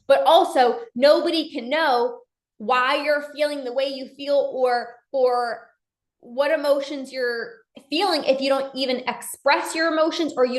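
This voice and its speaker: A woman giving a motivational talk as a life coach, emphatic, acting out short dialogues in her own voice. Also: high voice. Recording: echoey room.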